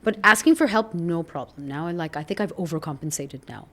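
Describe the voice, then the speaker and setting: Middle-aged woman, podcast guest, lowish voice, earnest, reflective, laughs a lot. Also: expressive, a little fast, a crowd in the background. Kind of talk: candid podcast conversation.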